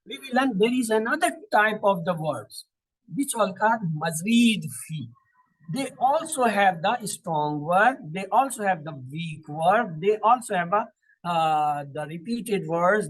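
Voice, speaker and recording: A man teaching Quranic Arabic in a classroom lesson, slowly drilling word patterns and asking questions that he answers himself. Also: high-pitched, a bit bright, slightly rough, poor audio. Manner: slow, repetitive recitation of word patterns.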